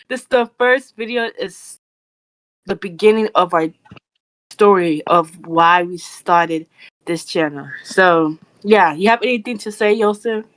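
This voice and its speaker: A woman's voice: medium pitch, slow pace, a bit bright, no room sound. A young woman co-hosting a casual podcast, talking in a rambling, chatty way with lots of "like" and "you know". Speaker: podcast co-host. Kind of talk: casual chat.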